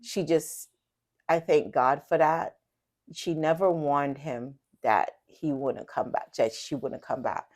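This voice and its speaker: Woman, deep low voice, co-host, affirming, emphatic commentary. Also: slow, a little mellow. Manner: affirming, emphatic, adds supportive remarks. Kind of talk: conversational commentary.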